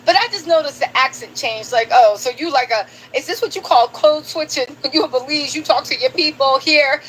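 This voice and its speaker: High-voiced woman streamer ranting. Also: fairly bright tone, a little hiss or hum, rough recording. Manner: emphatic, scolding the audience. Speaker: commentary show host. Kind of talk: live-stream commentary.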